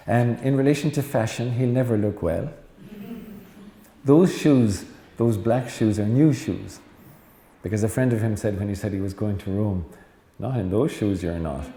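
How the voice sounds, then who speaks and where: Irish priest telling stories in a lecture, low mellow voice, echoey hall. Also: male voice. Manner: chatty, teasing the audience, tells stories. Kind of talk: informal lecture with anecdotes. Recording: echoey hall with faint noise.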